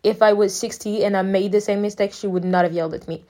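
A woman's voice: medium pitch, steady tone, fast talker, mellow. A woman in her early twenties telling a personal story in a casual, rambling way, quoting everyone with "I was like.". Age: 20s. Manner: rambling, quotes people with "I was like". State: near tears at times. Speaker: podcast host.

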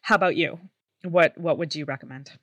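Low-voiced woman gushing casually. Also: a little fast, fairly bright tone, no echo. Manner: enthusiastic, rambling, lots of "like". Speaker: podcast co-host. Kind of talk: casual podcast chat.

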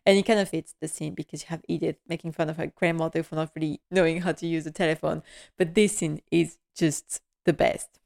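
A woman hosting a podcast, giving a casual episode recap in a quick, emotional, heartfelt way. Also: deep voice, steady tone, vocal fry, darkish tone. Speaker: podcast host.

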